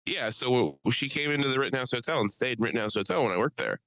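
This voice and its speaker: Podcast guy swearing a lot and telling stories, animated, dry close sound. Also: medium pitch, quick pace, no room sound, rough recording. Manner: profane, animated storyteller. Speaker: podcast co-host. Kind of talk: casual chat.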